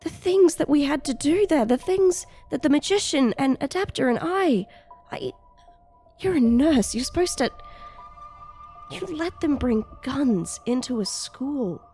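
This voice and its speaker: A woman's voice: high voice, animated, a little slow, warm tone, faint music behind, pitched above the performer's own voice. A woman voicing an earnest, protective mother in a tabletop role-play, stammering and repeating her words. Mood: hurt, upset.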